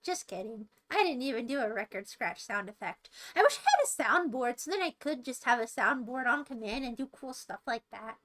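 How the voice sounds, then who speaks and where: A woman's voice: fairly high pitch, animated, fairly quick, few pauses, a bit bright, slight background noise. A young American woman streaming, chatting casually and playfully taunting her chat with mock boasts. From United States. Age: young adult.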